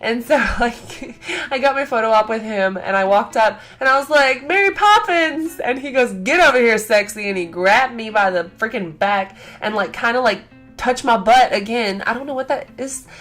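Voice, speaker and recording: A young woman telling a convention story in a casual vlog, chatty and excitable, full of fillers and acted-out quotes. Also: fairly high pitch, normal speed, faint music behind. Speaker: vlogger.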